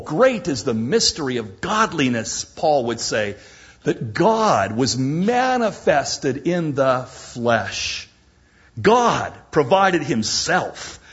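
A man preaching a sermon with dramatic emphasis, slowing down and dropping to a near whisper on key words. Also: mid-range voice, breathy edge, muffled recording.

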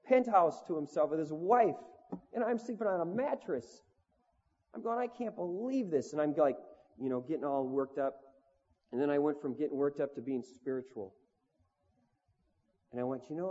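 His voice a little high with a darkish tone, a preacher who fronts a touring band talks at normal speed, pausing often. He shares stories in a self-mocking, conversational sermon laced with "you know" and "like," captured lo-fi in a long-echo hall.

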